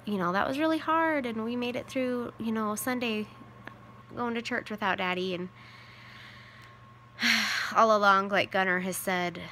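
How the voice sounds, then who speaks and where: A woman's voice: medium pitch, a little slow, pauses often, noisy background. A woman in her thirties, a widowed mother, telling a personal story in a casual, rambling way, full of "like" and "you know".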